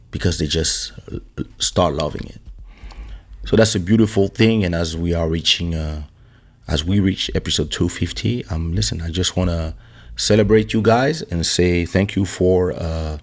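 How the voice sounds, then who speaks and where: A male podcast host in a casual live-stream chat, hoarse after losing his voice, greeting viewers by name. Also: low voice, unhurried, long pauses, soft background music. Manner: greets viewers by name, warm shout-outs. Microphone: studio microphone.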